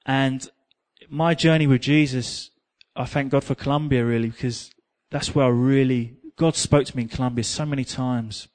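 A man's voice: medium pitch, normal speed, few pauses. A man with an English accent preaching a sermon, telling a personal story with self-mocking humor and snatches of song. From England. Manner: lively storyteller, sings snippets, self-mocking.

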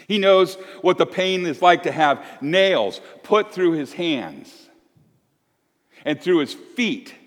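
A man's voice: fairly high pitch, expressive, slow, long reverb tail. A man in his fifties preaching as a pastor, folksy and emphatic, asking one question after another. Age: 50s. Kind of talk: sermon. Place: church.

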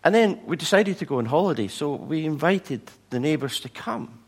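Chatty pastor telling stories. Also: male voice, on the high side, moderate pace, husky. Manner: storytelling, animated voices for quoted people. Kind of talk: sermon with personal stories.

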